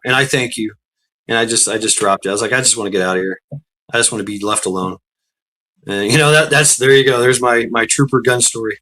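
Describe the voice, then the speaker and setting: A man hosting a casual talk show, telling a long story in a rambling way with many fillers and restarts, laughing often and acting out what others said. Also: sharp tone. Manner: rambling, laughs often, acts out quotes with raised pitch. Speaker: podcast host.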